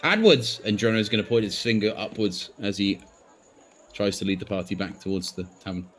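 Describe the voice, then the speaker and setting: A man's voice: lowish voice, little pitch movement, a little fast. A man chatting casually as a tabletop game player, joking and a little scattered.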